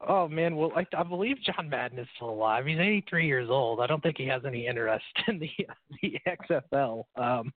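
A man's voice: medium pitch, expressive, a little fast, few pauses, no echo. A man co-hosting a casual podcast, laid-back, laughing often and swearing. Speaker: podcast co-host. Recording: tinny phone-like line, dry.

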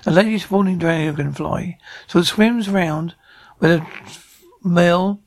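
An actor playing a bantering man in sitcom dialogue, with quick comic retorts. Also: high-pitched. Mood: explaining. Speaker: sitcom character. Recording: TV episode audio.

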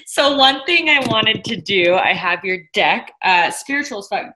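A woman's voice: medium pitch, lively intonation, moderate pace, background noise. A woman hosting a casual interview, chatty and enthusiastic, laughing easily. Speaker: podcast host.

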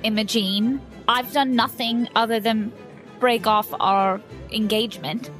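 A slighted young playwright of the Regency era, voiced by a woman, defensive and aggrieved. Her voice is fairly high, with faint music behind it. This is a tabletop role-play. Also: fairly even intonation, measured pace, fairly bright tone.

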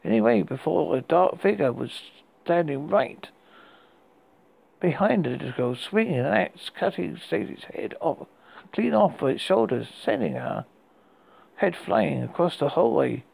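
Gravelly male horror storyteller. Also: on the high side, very animated, darkish tone, rough recording. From United Kingdom. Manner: halting, with frequent restarts. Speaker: horror podcast host. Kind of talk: storytelling narration.

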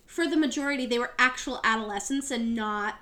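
A woman's voice: fairly high pitch, brisk, a loud crowd. A woman co-hosting a podcast, chatting casually and enthusiastically about a show she reviewed. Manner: enthusiastic, agreeable, playful. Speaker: podcast co-host. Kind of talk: casual theater review chat.

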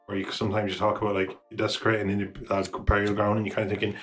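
A man's voice: lowish voice, completely flat delivery, rapid-fire. A man co-hosting a film podcast in casual chat, rambling with many restarts, fillers and swearing. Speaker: podcast co-host.

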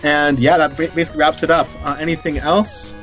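Quick, slightly high young man, joking co-host, light hiss. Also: level tone, fairly bright tone, faint music behind. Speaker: podcast co-host. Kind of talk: casual chat.

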